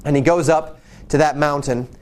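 Male preacher, relaxed storyteller teaching a Bible passage, a touch high-pitched, often doubles his words. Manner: storytelling, with quick repeated words.

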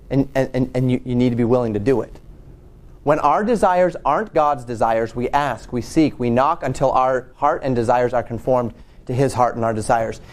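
A man preaching a sermon in a conversational way, often repeating words as he thinks. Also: medium pitch.

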